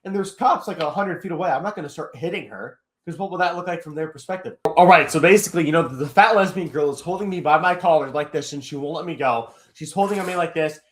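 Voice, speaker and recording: A young man with a slightly high voice tells a story as an interview guest, rambling and leaning on fillers. The recording is roomy, with a clear echo off the walls. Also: fast talker, few pauses. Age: young adult. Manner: rambling, heavy on fillers like "basically". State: eye still hurting after an attack. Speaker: guest commentator. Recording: roomy echoey room.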